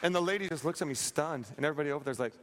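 A man preaching a sermon, telling a story with animated, acted-out quotes and humor. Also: a little high, very fast, a crowd in the background, background noise. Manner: animated, acts out quotes, plays for laughs. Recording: reverberant hall.

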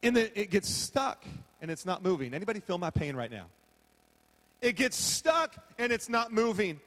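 A man's voice: sits high, very animated, normal speed, a bit bright, in a large hall. A man preaching a sermon as pastor from a podium, telling stories with humor and acting out his own reactions. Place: large hall with a podium.

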